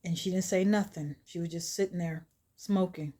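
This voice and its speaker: A woman telling a horror short story in a chatty, animated, casual way. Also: lowish voice, moderate pace.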